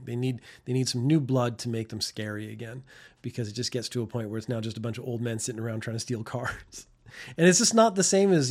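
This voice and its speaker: A man's voice: medium pitch, a little mellow. A man in his fifties giving casual commentary on news stories, wry and rambling, laughing at his own tangents. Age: 50s.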